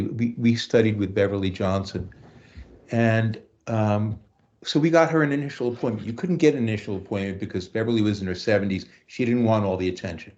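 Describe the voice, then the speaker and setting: A man who teaches voice, talking through lessons and telling anecdotes in a relaxed interview. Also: on the low side, a little fast, lo-fi sound. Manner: storytelling, acts out quotes, restarts often.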